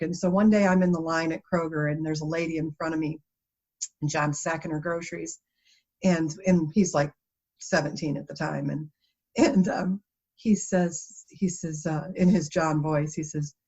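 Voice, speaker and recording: Female guest, animated storyteller, lower-pitched, lo-fi interview recording. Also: moderate pace. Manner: animated storytelling, laughs often. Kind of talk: conversational interview. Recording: dull lo-fi interview audio.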